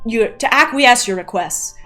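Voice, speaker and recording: A woman's voice: fairly high pitch, animated, moderate pace, sharp tone, faint music behind. A woman voicing a flustered, overly polite young male noble with a puppyish eagerness. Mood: eager.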